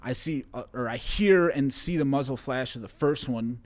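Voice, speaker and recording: A young man from Chicago, a guest on an interview show, recounting a personal story in a halting way with many fillers and restarts. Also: mid-range voice, dry recording.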